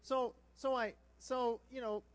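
A middle-aged male pastor telling a humorous story in a sermon, animated and self-mocking, acting out what people said. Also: very high voice, takes it slowly.

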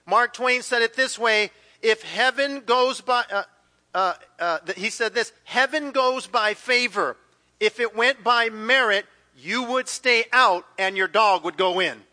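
Male preacher, very high ringing voice, animated storyteller, long hall echo. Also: measured pace. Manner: animated storyteller acting out quoted voices, dropping to hushed intensity. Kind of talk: sermon with personal story.

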